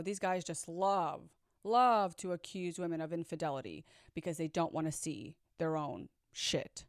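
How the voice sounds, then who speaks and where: A woman from Chicago recounts her own story to viewers, chatty and sassy, tossing out asides and laughing often. Her voice sits a little low, and the recording is dry and close with no room sound. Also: a little slow, clean tone, no room sound. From Chicago, USA. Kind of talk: storytime vlog.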